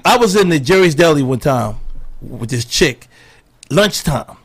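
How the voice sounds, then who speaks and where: A man's voice: a little high, a little slow, vocal fry, breathy edge. A man, a comedian, telling profane stories in a casual chat and acting out what people said. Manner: animated, profane, acts out quotes in others' voices. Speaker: comedian guest.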